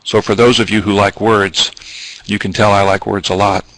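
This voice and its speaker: A man's voice: fairly low pitch, level tone, normal speed, a bit bright, no room sound, low-quality recording. A man presenting a business training webinar, explaining at length with ums and asides.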